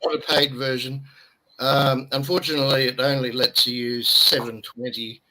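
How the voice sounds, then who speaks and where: A man's voice: mid-range voice, little pitch movement, normal speed, sharp tone, poor audio. An Australian man rambling and joking as co-host of a casual live stream, tired after little sleep. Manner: rambling, jokey, chatty. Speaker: livestream co-host. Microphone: webcam.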